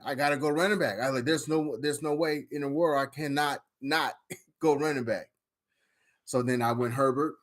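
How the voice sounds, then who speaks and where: A man casually recapping a fantasy draft, rambling and swearing with lots of fillers and outbursts. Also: medium pitch. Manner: rambling, profane, animated storytelling with frequent fillers. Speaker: fantasy football league member.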